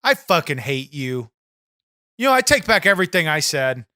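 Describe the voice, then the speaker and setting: A man's voice: a little high, big pitch swings, moderate pace, pushed and bright, no room sound, clean studio sound. A man co-hosting a comedy podcast, ranting in exasperation and swearing constantly. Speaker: podcast co-host. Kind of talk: comedic banter.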